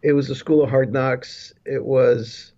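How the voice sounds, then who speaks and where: A man's voice: medium pitch, fairly even intonation, unhurried, dark tone. A man telling his life story as an interview guest over a remote video call, rambling with frequent restarts and asides. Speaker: guest, business leadership consultant. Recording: dull lo-fi call audio.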